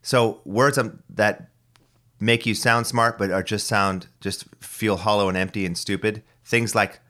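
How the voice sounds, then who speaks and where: Deep-voiced man in a profane ramble. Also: steady tone, measured pace, pushed and bright. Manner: profane, ranting, full of restarts. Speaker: podcast host. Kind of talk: casual rambling monologue.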